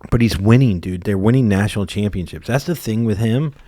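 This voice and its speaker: A man's voice: fairly low pitch, fairly quick, warm tone. A young man co-hosting a comedy podcast, chatting casually in a blunt, profane, joking way. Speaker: podcast co-host.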